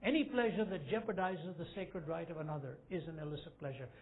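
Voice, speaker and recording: A man in his sixties preaching a sermon to a group of men, telling stories that rise to loud, emphatic peaks. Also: on the high side, quick pace. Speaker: evangelist speaker. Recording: tinny phone-like lo-fi recording with faint hiss.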